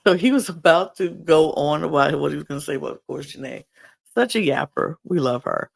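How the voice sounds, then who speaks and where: A man's voice: on the high side, expressive, normal speed, creaky. A male podcast host chatting casually as he recaps a reality show and quotes what people said. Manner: chatty retelling full of quoted dialogue.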